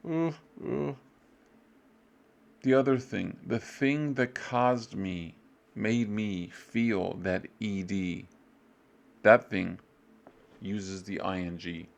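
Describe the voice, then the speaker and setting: A male English teacher takes his students through a review in an unhurried, easygoing way. His voice sits low and has a gravelly rasp. He shrugs off details with a "blah, blah". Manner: loose and offhand, fills gaps with "blah, blah"; acts out short student replies with jumps in pitch. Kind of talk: casual review lesson.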